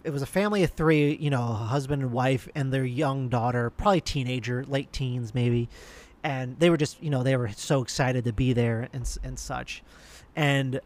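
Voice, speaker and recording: A man telling a casual anecdote, rambling along with many restarts and fillers. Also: mid-range voice.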